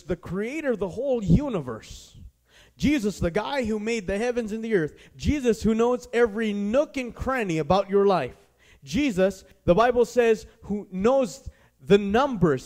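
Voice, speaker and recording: Southern pastor preaching with a high voice. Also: male voice, darkish tone. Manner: conversational preaching, questions to the congregation. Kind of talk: sermon.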